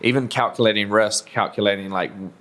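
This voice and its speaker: Man, podcast host, lowish flat voice, measured, thoughtful questions. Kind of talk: interview questions.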